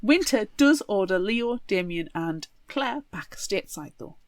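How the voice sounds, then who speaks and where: Woman co-host, mid-pitched, expressive, wry plot summary, dry recording. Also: unhurried, no echo. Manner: wry, sarcastic asides while summarizing. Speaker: podcast co-host. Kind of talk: casual book recap.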